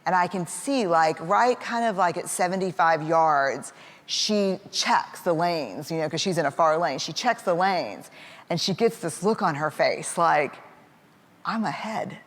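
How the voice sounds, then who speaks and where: A woman's voice: fairly low pitch, measured pace. Chatty woman in an echoey hall. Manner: chatty, with lots of fillers and laughs; acts out voices of family members in quotes. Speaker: parent telling a personal story. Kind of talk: casual personal storytelling talk. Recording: echoey hall with faint background noise.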